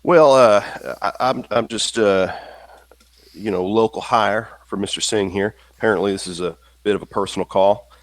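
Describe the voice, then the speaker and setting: A man's voice: on the low side, normal speed, dry recording, lightly acted. A man voicing a friendly, folksy driver with a Texan accent in a tabletop game. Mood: nervous.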